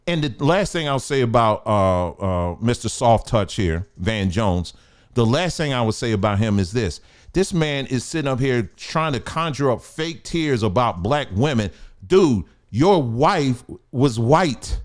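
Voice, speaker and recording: A man's voice: medium pitch, animated, measured pace, darkish tone. A man hosting a casual commentary show, talking in a blunt, emphatic, colloquial way.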